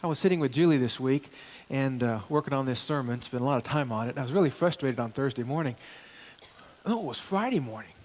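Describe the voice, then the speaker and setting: Animated, lively-voiced male pastor preaching. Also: medium pitch, quick pace. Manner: animated preaching, rising emphasis on key phrases. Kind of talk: sermon.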